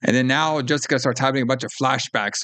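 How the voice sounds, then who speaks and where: A man's voice: mid-range voice, quick pace. A man co-hosting a podcast, casually retelling a film's plot and acting out the characters' lines. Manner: animated retelling, acts out lines, swears. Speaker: podcast co-host. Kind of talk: casual film recap chat.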